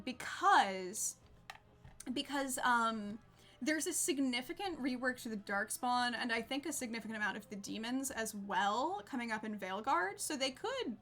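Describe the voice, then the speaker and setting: Bubbly high-voiced woman streamer. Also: pushed and bright. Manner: bubbly, chatty, laughs often. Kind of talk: casual gameplay chat with viewers.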